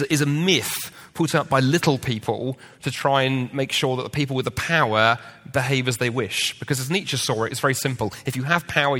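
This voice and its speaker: A man on a debate panel, arguing his point and telling stories with acted-out voices. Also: mid-range voice. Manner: animated storyteller, acts out quoted voices. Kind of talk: public debate talk. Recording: long hall reverb.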